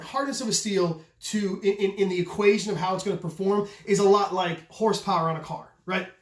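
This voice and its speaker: A man who runs a knife channel, talking loudly and passionately in a casual rant, swearing freely and asking rhetorical questions. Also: high-pitched. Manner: loud, passionate, voice carries; profane, repetitive restarts, rhetorical questions. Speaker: custom knife maker and channel host. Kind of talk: casual opinion rant to camera. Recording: echoey room.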